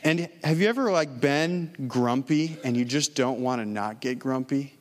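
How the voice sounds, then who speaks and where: A man's voice: mid-range voice, normal speed. A man preaching, telling a personal story in a casual way with many fillers, then leading a prayer. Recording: long hall reverb.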